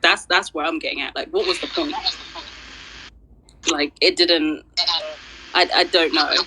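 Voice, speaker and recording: A woman speaking in an online audio space, telling a story in an animated, exasperated way. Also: sits low, a little slow, slight background noise, low-quality recording. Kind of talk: casual discussion.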